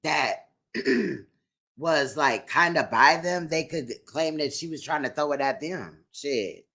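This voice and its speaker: A woman's voice: deep voice, lively intonation, slow pace, fairly bright tone. A woman commenting on police footage in a blunt, sarcastic, casual way. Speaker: true crime commentator.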